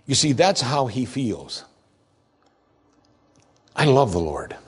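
Male pastor, husky timbre, expressive sermon delivery with wide swings in emphasis. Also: slow. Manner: expressive, swings from raised emphasis to soft low tones.

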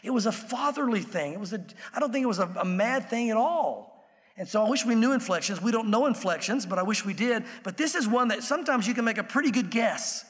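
A man's voice: high-pitched, animated, fairly quick, fairly bright tone. A man preaching a conversational sermon as a pastor. He talks to the congregation directly and acts out the voices he quotes. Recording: long hall reverb.

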